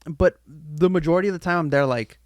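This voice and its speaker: A man co-hosting a casual podcast, giving his opinions in a measured way with frequent restarts. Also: on the high side, dry recording, studio quality. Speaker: podcast co-host. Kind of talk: casual comedy review chat.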